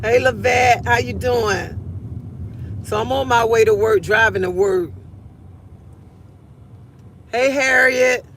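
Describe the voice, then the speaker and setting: A middle-aged grandmother telling a funny family story with lively storytelling while chatting with live viewers from her car. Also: on the high side, takes it slowly, pauses often, a little hiss or hum. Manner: lively storytelling, laughs easily. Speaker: livestream host. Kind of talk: casual chat with live viewers. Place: car, driving to work.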